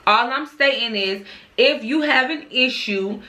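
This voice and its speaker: A young adult woman vlogger telling a storytime story in casual chat, animated and profane, acting out the dialogue as she goes. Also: fairly high pitch, a little slow.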